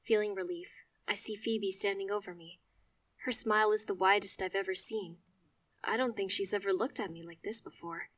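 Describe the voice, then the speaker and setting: A woman with a husky, mid-range voice tells a first-person story at normal speed, stressing words expressively. The recording is dry with no echo, and the mic sits a little far from her.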